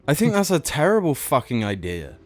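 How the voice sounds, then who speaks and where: A man's voice: medium pitch, wildly swooping pitch, a little fast, soft background music. A young man co-hosting a podcast, blunt and sweary, giving dry opinions in casual chat. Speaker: podcast co-host.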